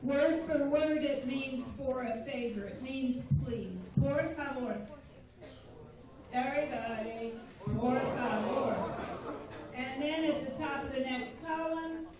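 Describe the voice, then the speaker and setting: A woman's voice: sits high, takes it slowly, recorded from a distance. A woman teaching a room of students simple Spanish phrases, patiently repeating each one for them to echo. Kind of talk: classroom phrase lesson. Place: school room with a crowd of students. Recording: echoey room recorded from afar with crowd.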